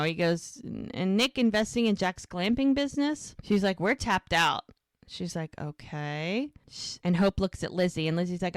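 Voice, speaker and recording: A woman's voice: fairly low pitch, normal speed, no echo, clean studio sound. A woman co-hosting a podcast, casually recapping episodes and acting out the characters' lines. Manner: retells scenes, acting out lines with "he goes". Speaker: podcast co-host.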